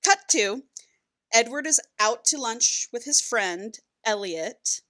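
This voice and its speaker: A woman's voice: on the high side, expressive, takes it slowly, sharp tone. Chatty swearing woman retelling a story. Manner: swearing, acts out characters' lines in a chatty retelling. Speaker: podcast co-host. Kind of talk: casual book chat.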